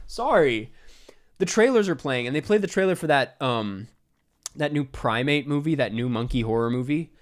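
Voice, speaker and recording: A man's voice: medium pitch, fairly quick. Man telling a story in casual chat. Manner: animated, exasperated anecdote-telling with laughs. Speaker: streamer host.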